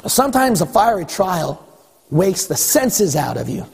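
A man's voice: high voice, sing-song, a little slow, vocal fry, darkish tone, husky, big-room sound. A male pastor preaching a sermon, building emphasis and teasing his congregation along the way.

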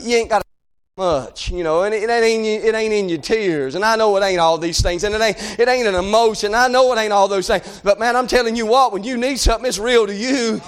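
A male preacher delivering a fervent sermon, swinging from shouted pleas to low, quiet passages, in folksy, informal phrasing. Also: fairly quick, clear, resonant tone.

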